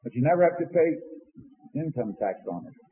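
An older man preaching a sermon in a folksy storytelling way, swinging from loud to soft. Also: on the high side, sing-song, brisk. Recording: phone-like sound, long hall reverb.

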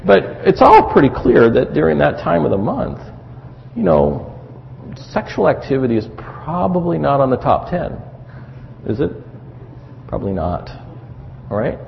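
A man's voice: fairly high pitch, sing-song, normal speed, gravelly, pauses often, slight background noise. A middle-aged man preaching a conversational sermon on marriage, with frequent asides to the congregation. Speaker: pastor. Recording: dull lo-fi recording in a reverberant hall.

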